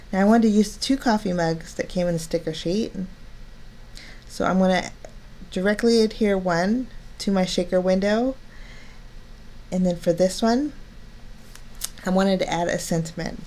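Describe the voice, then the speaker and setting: A woman's voice: fairly low pitch, measured pace, pauses often, warm tone. A cheerful, chatty woman talking through each step of a card-making craft tutorial. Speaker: crafting channel host.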